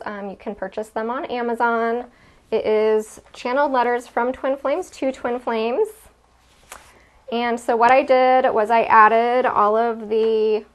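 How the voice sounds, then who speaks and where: A woman giving a spiritual card reading, talking gently with frequent ums and soft laughs. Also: fairly high pitch. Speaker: tarot reader.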